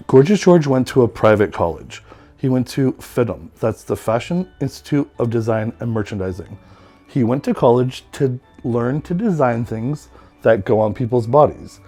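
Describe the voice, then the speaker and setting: A man in his thirties from California hosts a tour of his home in a campy, theatrical way, often speaking of himself in the third person. He talks at a middle pitch, with faint music playing underneath. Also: expressive, normal speed, warm tone. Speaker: tattoo artist. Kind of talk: playful self-promoting home tour.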